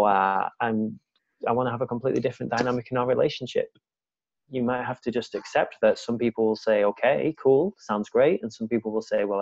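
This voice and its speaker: A man speaking as a guest in a casual conversation, talking slowly and deliberately in a soft, measured way. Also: medium pitch. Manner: slow, deliberate, soft-spoken. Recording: dull lo-fi sound.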